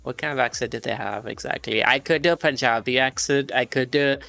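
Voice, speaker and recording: A woman's voice: very deep voice, fairly quick, gravelly, fairly bright tone, faint music behind. A young woman from India, chatting casually on a livestream while she studies medicine, reading questions aloud, swearing and laughing often. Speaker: streamer studying medicine.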